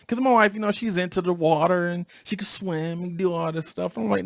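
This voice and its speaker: A man in his forties hosting a podcast, telling a story in a casual, slangy way and acting out quoted lines in a higher voice. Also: animated, fairly quick, creaky, no room sound. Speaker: podcast host. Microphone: studio microphone.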